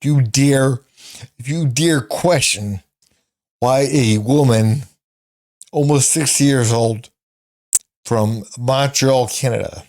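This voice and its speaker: A man's voice: medium pitch, slow pace, long pauses, a little mellow. A man giving casual commentary on clips, repeating and restating his points emphatically. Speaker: online commentator.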